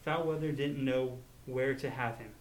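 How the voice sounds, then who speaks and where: A man narrating a script in a casual comic read-through, halting and tripping over words as he reads. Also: medium pitch, fairly even intonation, echoey room, rough recording. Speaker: narrator reading a script aloud.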